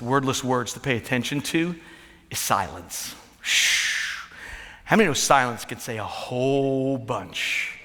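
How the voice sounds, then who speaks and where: A man preaching a lively sermon as pastor, grew up in the northern US, with quick repeats and asides to the congregation. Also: medium pitch. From northern United States. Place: large church hall. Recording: church hall reverb with soft music.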